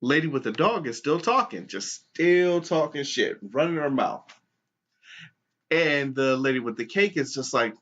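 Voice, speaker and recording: On a dull-sounding, lo-fi recording, a male podcast co-host chats casually and profanely through a story, animatedly voicing the characters in it. His voice is mid-range and his pace unhurried.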